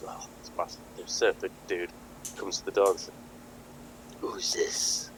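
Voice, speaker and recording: Lowish-voiced man running a tabletop game. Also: level tone, a little fast, a little hiss or hum, poor audio. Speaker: game master.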